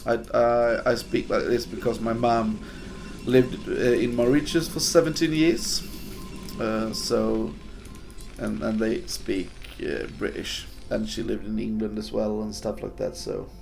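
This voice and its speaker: A man's voice: lowish voice, fairly even intonation, a little slow, gravelly, darkish tone, faint music behind. A man from Sweden, a native Swedish speaker, casting a game in English in a chatty, hesitant way while answering viewer chat. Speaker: game caster. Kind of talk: casual live-stream game commentary.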